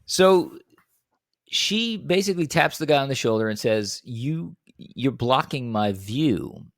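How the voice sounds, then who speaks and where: A young man tells a story on a podcast, his pitch swinging widely as he jumps into the voices of the people in it. The sound is dry and close, with no room around it. He talks casually and keeps the story moving. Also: takes it slowly, no echo. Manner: animated, acts out quotes in a higher voice. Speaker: podcast co-host.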